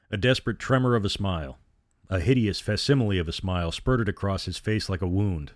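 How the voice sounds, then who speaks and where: A male storyteller reading a horror novel aloud in a measured, steady way. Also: low voice, no echo, clean studio sound.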